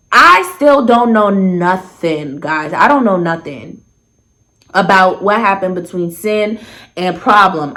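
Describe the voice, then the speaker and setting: A young woman in casual storytime chat, blunt and sarcastic, who swears freely and jumps her pitch for emphasis. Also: fairly bright tone. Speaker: storyteller vlogger.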